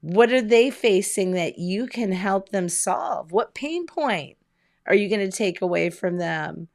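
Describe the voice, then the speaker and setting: Energetic woman coaching in rhetorical questions. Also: medium pitch, measured pace, gravelly. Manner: energetic, conversational, asks many rhetorical questions. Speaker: business coach. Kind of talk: motivational online coaching talk. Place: home.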